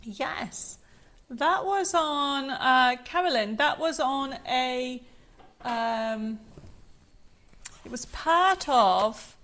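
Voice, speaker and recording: A woman's voice: high voice, animated, extremely slow, long pauses, fairly bright tone. A chatty woman hosting a live craft show, bubbly as she rambles through greetings and reads out viewer comments. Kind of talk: live-stream chat reading viewer comments. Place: home studio.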